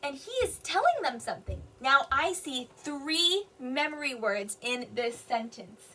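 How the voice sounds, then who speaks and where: A woman teaching a kindergarten reading lesson, slowly and patiently sounding out words for young children in an encouraging way. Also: high voice, expressive, sharp tone, distant mic. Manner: slow, exaggerated sounding out of words.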